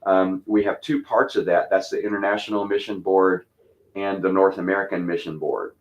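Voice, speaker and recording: Poor audio captures a Texas pastor in his fifties talking at normal speed about church missions. He has a low voice and a light twang, and his easygoing stories wander, doubling back with restarts and filler words.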